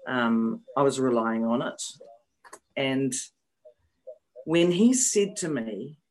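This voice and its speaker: A woman's voice: very deep voice, lively intonation, slow, a little mellow, low-quality recording. A woman in her fifties speaking frankly and emotionally as an interview guest, repeating phrases for emphasis and swearing bluntly. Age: 50s. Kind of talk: candid personal storytelling. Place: New Zealand.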